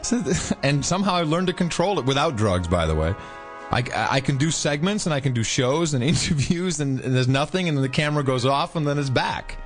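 A man co-hosting a podcast, joking and chatting loosely despite his jet lag. His pitch jumps around animatedly, and faint music plays beneath the talk. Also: lively intonation, fairly quick. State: jet lagged. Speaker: podcast co-host. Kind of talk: casual chat. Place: United Kingdom.

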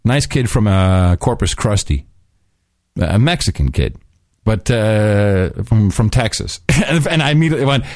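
A man co-hosting a podcast, chatting casually about politics in an animated, mocking way and sometimes breaking into silly voices. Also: fairly low pitch, unhurried, no echo, clean studio sound. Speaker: podcast co-host.

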